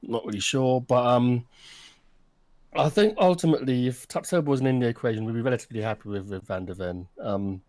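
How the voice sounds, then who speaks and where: A man's voice: mid-range voice, brisk, a little mellow, no echo. Guy chatting football, lots of ums, dry close sound, mid voice. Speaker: podcast co-host. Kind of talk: casual podcast chat.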